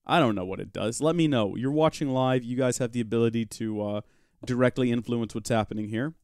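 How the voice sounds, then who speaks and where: Brisk and mid-range, this man's voice has a darkish, clean tone, captured dry at studio quality. As a gaming livestream host, he plays a Minecraft modpack live and provides let's-play commentary. He chats casually with his viewers, tosses in jokes, and addresses both chat and his pet rock in the game.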